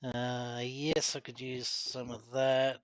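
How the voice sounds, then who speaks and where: A man's voice: medium pitch, little pitch movement, slow pace, dry recording. A middle-aged man with an Australian accent, chatting casually as he streams a game and answers viewer comments. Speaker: gaming streamer. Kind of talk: casual live-stream chat while gaming.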